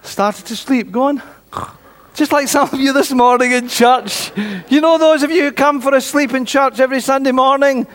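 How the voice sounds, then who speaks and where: A man telling a Bible story to a church congregation in an animated storytelling way. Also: very high-pitched, moderate pace. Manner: animated storytelling, voices characters. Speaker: preacher. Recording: reverberant church hall.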